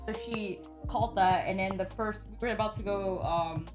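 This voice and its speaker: A woman's voice: mid-range voice, moderate pace. A young woman chatting on a livestream, giggly and chatty, trying out phrases from others. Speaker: streamer. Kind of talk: casual chat on a livestream. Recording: music clearly behind.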